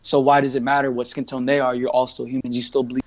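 A man's voice: mid-range voice, flat delivery, fast, slight background noise. Young man telling a heated, profane story. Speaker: podcast guest, barber and rapper. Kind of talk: casual storytelling chat.

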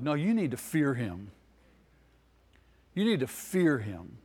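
A man's voice: medium pitch, very animated, slow, darkish tone, breathy edge. A male pastor gives an emphatic sermon in a church hall. He repeats his key phrases and puts questions straight to the congregation. His voice carries a long hall reverb around it.

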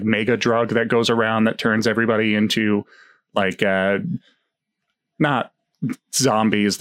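Male podcast host, low voice, loose rambling delivery full of "um" and "like". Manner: relaxed, rambling with many fillers. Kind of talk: casual chat about movies.

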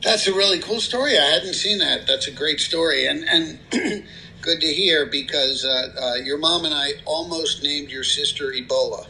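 A middle-aged man, a comedy writer and guest, chatting casually and telling jokes with a dry, deadpan storyteller's pacing. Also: on the high side, moderate pace, vocal fry, a little hiss or hum. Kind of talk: casual podcast chat and joke telling.

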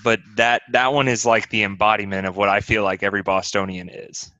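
A man's voice: fairly low pitch, level tone, fairly quick, sharp tone, dry recording, muffled recording. A man co-hosting a podcast, giving wry, opinionated takes in casual chat. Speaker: podcast co-host.

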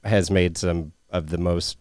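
A man's voice: deep voice, steady tone, a little slow, a little mellow, dry recording, clean studio sound. A man co-hosting a casual movie podcast, laid-back and swearing casually as he talks. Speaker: podcast co-host.

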